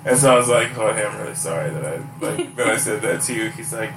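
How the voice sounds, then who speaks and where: A man's voice: fairly low pitch, fast, vocal fry. Laughing man telling stories in an echoey room. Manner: animated storyteller, laughs often, quotes people in raised voices. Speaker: podcast host. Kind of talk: casual chat and storytelling. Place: house, indoors. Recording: echoey room, mic far off, noisy background.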